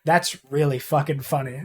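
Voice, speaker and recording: A man's voice: on the high side, slightly rough. Rambling, foul-mouthed young man streaming. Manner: rambling, profane and easily excited. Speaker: livestreamer. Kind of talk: casual live-stream chat while gaming.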